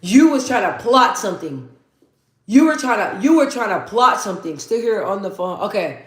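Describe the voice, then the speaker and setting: Her medium-pitched voice has a sing-song lilt and moves at a normal speed as she runs a casual live chat. She's in her thirties, tells stories, leans on repetition for emphasis, and reads out what viewers write, all with an echoey room sound.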